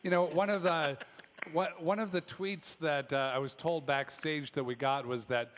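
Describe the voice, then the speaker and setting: A man's voice: fairly high pitch, steady tone, normal speed, a bit bright. A male radio host interviewing on a live stage, with curious and playful questions. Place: theater stage. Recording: stage hall reverb, faint noise.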